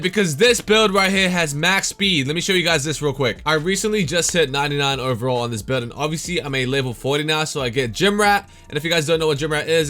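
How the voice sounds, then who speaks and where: A man's voice: a little high, bright, forceful tone. A tired young man hosting a casual gaming tutorial, upbeat and chatty, saying "man" and "guys" often. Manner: hyped, repeats "man" and "guys". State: tired, slightly worn voice. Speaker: gaming YouTuber host.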